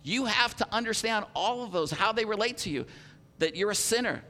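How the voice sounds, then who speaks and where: A man preaching a sermon as pastor, his high, bright voice pressing each point with earnest emphasis. He slips into animated rhetorical quotes to drive things home. The voice rings out with a long reverb, as in a large church hall. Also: brisk.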